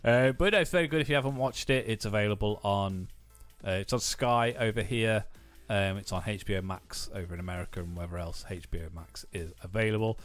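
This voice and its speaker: A man's voice: on the low side, a little fast, hardly any pauses, faint music behind. A man co-hosting a podcast, chatting casually with dry joking asides. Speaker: podcast co-host. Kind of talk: casual chat.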